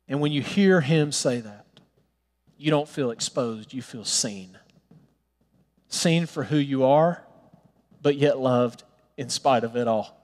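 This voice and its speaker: Earnest male preacher in a reverberant hall. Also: medium pitch. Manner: earnest, pleading, drops to soft tender tones. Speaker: pastor. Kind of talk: sermon.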